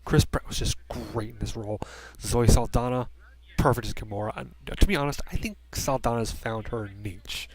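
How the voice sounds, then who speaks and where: A man's voice: medium pitch, moderate pace, few pauses, a little mellow. A man giving a casual spoken movie review from a room at home, rambling with many restarts and fillers.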